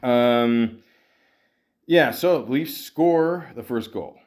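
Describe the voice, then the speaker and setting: A middle-aged man from Canada hosts a podcast in loose, rambling talk about hockey. He swears freely and trips over his words with fillers and restarts. His voice sits at an ordinary pitch for a man. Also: drawn-out words, darkish tone. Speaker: podcast host.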